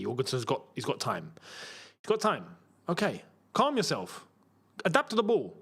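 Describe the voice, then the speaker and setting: A young man hosting a live football watchalong, reacting with frustration and bursts of excitement. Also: a little high, moderate pace, vocal fry, slightly rough. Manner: frustrated, animated, swings between muttering and shouting. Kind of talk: live match watchalong commentary.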